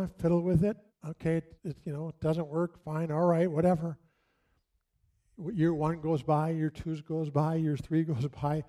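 A middle-aged pastor with a dark-toned voice on the high side preaches a sermon. He tells stories conversationally and uses dramatic pauses.

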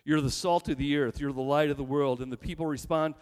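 A man's voice: fairly high pitch, fairly quick, few pauses, a little mellow. Man preaching with a long hall echo. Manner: emphatic, builds lists, rhetorical questions to the congregation. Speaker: pastor. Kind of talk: sermon. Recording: long reverb in a large hall.

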